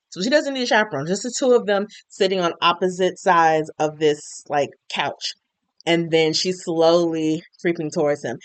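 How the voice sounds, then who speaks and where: Casual vlogger recapping a show, smooth clear voice, dry close sound, slips into the characters' lines now and then. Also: medium pitch, no echo. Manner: chatty and slangy, acting out characters' lines in quick asides.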